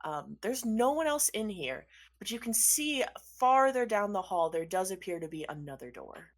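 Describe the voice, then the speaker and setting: Game master, woman, mid-pitched, relaxed storytelling narration for a tabletop campaign. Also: normal speed.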